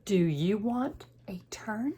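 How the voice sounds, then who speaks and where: A woman reading a picture book aloud, voicing a sweet, clever female pig in a calm, slow, matter-of-fact way. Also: medium pitch, husky.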